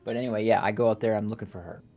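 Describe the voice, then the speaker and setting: Low, mumbling man at a game table. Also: fairly even intonation, rapid-fire, faint music behind. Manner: mumbly, trailing off quietly. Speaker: player. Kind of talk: casual tabletop game chat.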